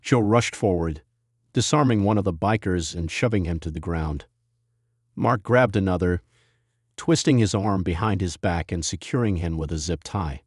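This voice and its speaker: A man narrating a scripted drama story in an even, measured way. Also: sits low, slightly rough, dry recording, clean studio sound.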